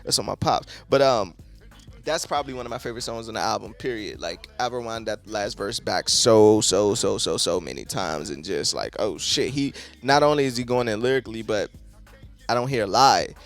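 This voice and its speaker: A man's voice: lowish voice, lively intonation, moderate pace, soft background music. A man giving a casual album review, talking loosely with lots of cursing and filler words. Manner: loose, profane, heavy on "like". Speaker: music reviewer.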